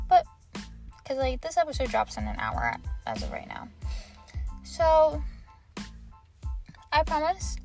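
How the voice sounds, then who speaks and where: Young female podcast host, fairly high voice with gravelly fry, chatty and scattered, cursing casually, recorded in her car with faint music behind. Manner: rambly, distracted, swears freely. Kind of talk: casual rambling chat. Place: parked car by a beach.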